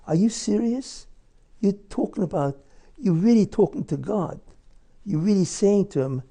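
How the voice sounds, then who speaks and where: An older man, a rabbi, giving an impassioned religious lecture full of rhetorical questions, swinging between loud outbursts and hushed asides. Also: high-pitched, animated, normal speed, husky.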